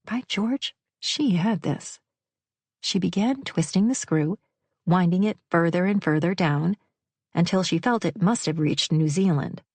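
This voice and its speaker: A woman narrating a novel in an audiobook, telling the story in a measured, even manner into a close studio mic. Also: lowish voice, dry recording. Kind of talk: scripted narration.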